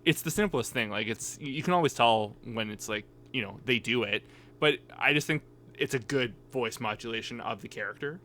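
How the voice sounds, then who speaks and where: A man's voice: medium pitch, moderate pace, sharp tone, slight background noise. A man co-hosting a casual anime podcast, rambling and hesitant, often trailing off and starting again. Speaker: podcast co-host. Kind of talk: casual chat.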